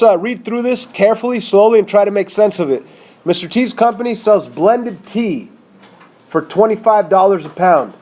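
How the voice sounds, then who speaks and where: A man's voice: high-pitched, a little mellow. A man teaching a math lesson over a whiteboard, talking casually and checking in with his students.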